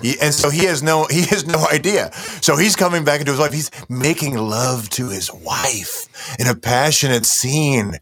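A man's voice: mid-range voice, moderate pace, few pauses, fairly bright tone. A man telling an improvised comic story, rambling and playfully conspiratorial, often stopping and restarting mid-sentence.

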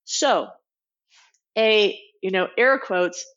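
A woman's voice: medium pitch, very slow, a bit bright, muffled recording. A woman guest on a podcast interview, explaining her ideas in an earnest, teaching way. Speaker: guest expert.

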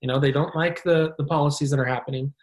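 A man's voice: fairly high pitch, fairly even intonation, darkish tone. A male guest in a casual political discussion, explaining points steadily, with frequent "you know" and "uh". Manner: measured, explanatory, filler-heavy.

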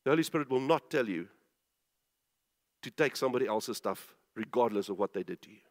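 A man's voice: mid-range voice, expressive, a little fast, in a large hall. A man preaching a sermon, emphatic, asking the listeners questions and repeating phrases.

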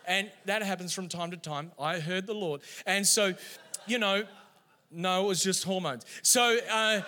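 A middle-aged man preaching a sermon, telling stories in an animated way. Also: high-pitched, measured pace. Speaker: pastor.

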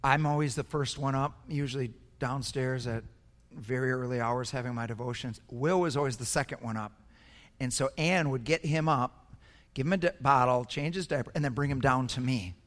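A man's voice: medium pitch, normal speed, fairly bright tone. Older man preaching earnestly in an echoey hall. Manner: earnest, emotional storytelling with repetitions. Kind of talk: sermon with personal story.

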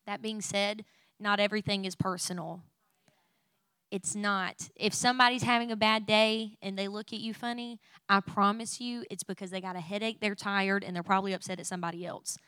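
A woman's voice: medium pitch, fairly even intonation, brisk, pushed and bright, smooth, no echo. A young adult woman sharing a personal faith testimony in an emotional, candid way, with frequent "like" fillers. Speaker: Christian speaker sharing a testimony.

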